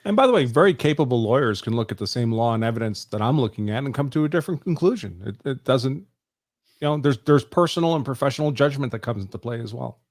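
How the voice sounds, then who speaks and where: A man appearing as a guest legal analyst, speaking in measured, precise terms in a casual chat. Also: mid-range voice, expressive, a little mellow.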